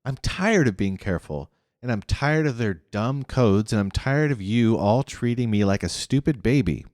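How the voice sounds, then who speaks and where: A man's voice: medium pitch, lively intonation, normal speed, darkish tone, no echo, clean studio sound, big-room sound, pitched above the performer's own voice, lightly acted. A man voicing a cranky, sulking little girl who snaps and sneers in a storybook reading. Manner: snappish, sneering.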